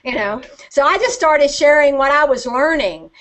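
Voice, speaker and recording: A woman's voice: high voice, lively intonation, normal speed, fairly bright tone. An older woman chatting as a guest on a video call, chatty and self-deprecating, laughing often. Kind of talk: casual video-call chat.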